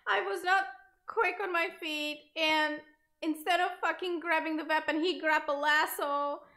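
A woman's voice: high voice, steady tone, unhurried, pushed and bright. A woman streaming a game live, talking emotionally to her viewers and swearing freely. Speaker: gaming streamer. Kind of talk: live gameplay commentary.

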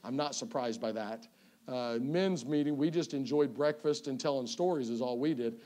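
A man's voice: mid-range voice, moderate pace, dark tone. A man from Tennessee with a Southern accent, a visiting evangelist opening a sermon in a church in a folksy, joking way, often stumbling and restarting. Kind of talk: sermon introduction. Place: church sanctuary.

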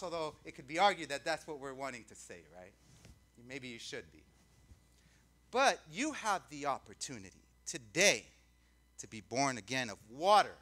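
A man's voice: a little high, bright, forceful tone. A male pastor preaching a conversational sermon, often asking the congregation questions and drawing out key words for emphasis.

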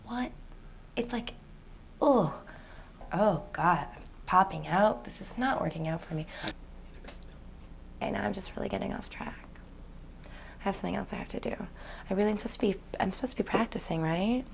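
A woman, playing a naive young aspiring actress who rambles with "like" fillers, swinging between hushed whispers and excited outbursts in a comedic web series monologue. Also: medium pitch, normal speed, creaky, long pauses, a little hiss or hum, natural voice. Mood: rambling. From Canada. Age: 20s. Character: ditzy, daydreaming young woman, dreamy and naive.

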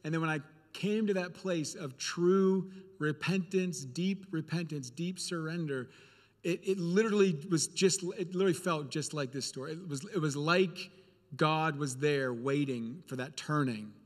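A man's voice: fairly high pitch, moderate pace, long reverb tail. A male preacher giving a sermon in a church, speaking earnestly and repeating phrases for emphasis.

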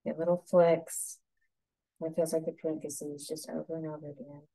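A woman with a low, very dark and mellow voice talks through a painting lesson step by step. She murmurs her instructions softly and without hurry. The sound is dry and close. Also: level tone, no echo, rough recording. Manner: soft, unhurried, murmuring instructions.

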